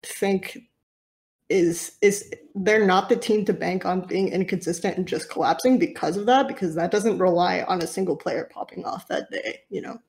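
A woman analyst in a casual panel discussion, talking through game strategy quickly with frequent restarts. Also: on the low side, vocal fry, a little mellow. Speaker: esports analyst.

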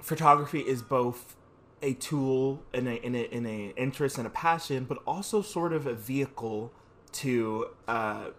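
A man's voice: medium pitch, normal speed. A man hosting a reflective conversation, thoughtfully summing up and rephrasing what his guest says. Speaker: host.

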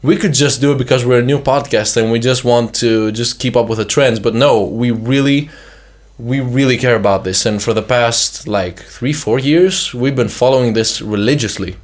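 This is a young man co-hosting a casual podcast, with an everyday middle-pitched voice. He hedges as he goes and leans on "I mean" and "you know" while he gathers his thoughts. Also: moderate pace. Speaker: podcast co-host. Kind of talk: casual chat.

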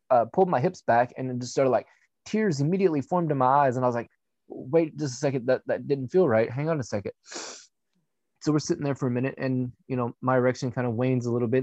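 A young man telling a personal story in a casual, blunt way, swearing freely and filling pauses with "you know". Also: mid-range voice, a little mellow, no echo, muffled recording. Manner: candid and profane, with frequent fillers.

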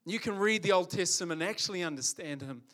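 Male preacher, high voice, impassioned, emphatic, repeats for effect. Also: fast, pushed and bright. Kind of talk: sermon.

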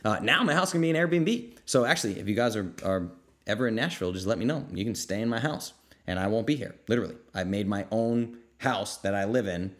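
A man hosting a casual Q&A podcast from his kitchen, energetic and blunt, reading out viewer comments and swearing freely. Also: on the low side, fairly quick. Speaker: podcast host. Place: home kitchen.

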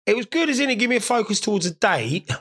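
A man's voice: high-pitched, sing-song, quick pace, a bit bright, slightly rough. A young man telling rambling, jokey, sweary stories in a casual solo monologue. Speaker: podcast host.

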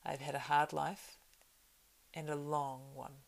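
A woman reading Aragorn, grave gravelly ranger. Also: sits low, level tone, full character voice. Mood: solemn. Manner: measured, solemn reading. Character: weathered grave male ranger, heir of kings.

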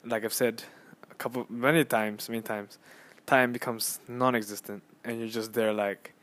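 A young man hosting a casual solo podcast on his phone, rambling and excitable as he tells a story with lots of fillers and restarts. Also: mid-range voice, moderate pace. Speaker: podcast host.

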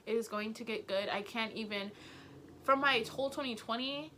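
Bright, earnest young woman vlogger. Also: a little high, normal speed, slight background noise. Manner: earnest, excitable, passionate. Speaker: YouTuber. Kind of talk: casual vlog talk, book review.

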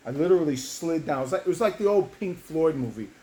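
Halting, emotional man telling a story. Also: fairly high pitch, lively intonation, warm tone. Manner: emotional, halting, many fillers and restarts. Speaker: storyteller, former prisoner. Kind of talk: casual personal storytelling. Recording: roomy room with faint background noise.

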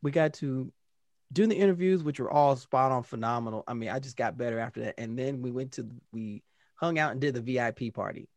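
A man co-hosting a podcast, telling animated stories and acting out the exchanges he quotes. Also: medium pitch, brisk, no room sound. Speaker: podcast co-host. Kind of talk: casual storytelling chat.

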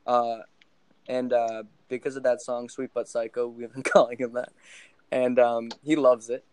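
A man's voice: medium pitch, little pitch movement, moderate pace, a little mellow, clear, resonant tone, dry recording, poor audio. Laughing young man telling a story. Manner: rambling, laughs while telling, many fillers. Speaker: podcast guest. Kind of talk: casual storytelling.

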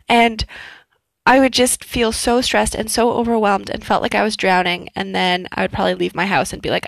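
A woman's voice: mid-range voice, steady tone, fairly quick, creaky, no room sound. A young woman telling a personal story in a candid, reflective way, acting out her own past thoughts. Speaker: vlogger.

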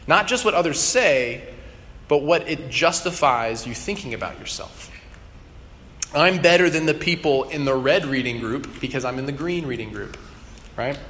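A man's voice: fairly high pitch, a bit bright. A young adult man preaching a conversational sermon with casual ums and restarts. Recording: long hall reverb, faint room noise.

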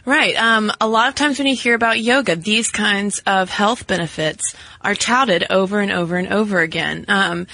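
Bright-voiced chatty woman podcast co-host. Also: medium pitch, no room sound, low-quality recording. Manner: chatty, explanatory, quick with asides. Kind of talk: casual chat.

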